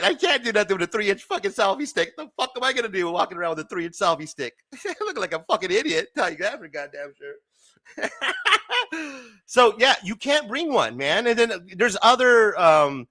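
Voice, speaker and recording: A man's voice: high-pitched, pushed and bright, no room sound. A man from Arizona in his thirties hosting a comics livestream, rambling casually, swearing constantly and laughing often. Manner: loose, rambling, chummy. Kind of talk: casual profane livestream chat.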